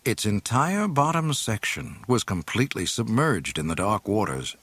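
A man reading a story aloud in an expressive, dramatic narration. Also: on the low side, normal speed. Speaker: audiobook reader.

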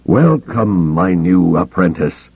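A man voicing a deluded, grandiose old male dark Jedi master in an audiobook, drawing out each solemn pronouncement slowly. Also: very deep voice, animated, exaggerated voice. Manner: slow, drawn-out, solemn pronouncements. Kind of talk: audiobook character voice.

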